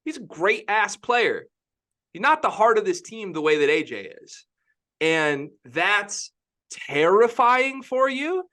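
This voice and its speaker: A young man talks basketball on a podcast, pressing his opinions hard and circling back to repeat them. His voice sits fairly high and rings bright. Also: sing-song, slow pace. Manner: opinionated, emphatic, repeats himself. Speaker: podcast co-host. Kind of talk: casual sports podcast chat.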